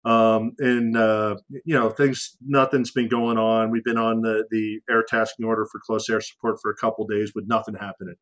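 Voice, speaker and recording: A man's voice: fairly low pitch, little pitch movement, normal speed, hardly any pauses, fairly bright tone, low-quality recording. A man, a former military pilot, telling a story in casual conversation, acting out radio calls in a raised voice. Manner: frequent fillers and restarts, conversational. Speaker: former fighter pilot guest.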